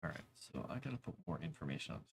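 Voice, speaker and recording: A man's voice: very deep voice, sing-song, racing, creaky, husky. A man chatting casually on a live stream while writing fantasy lore, rambling, talking to his cat and reading chat aloud.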